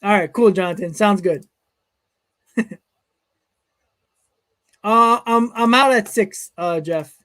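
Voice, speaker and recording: A man's voice: sits high, slow, pauses often, sharp tone. A man hosting a live stream, reading chat comments and telling stories in a casual way, often chuckling. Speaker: host.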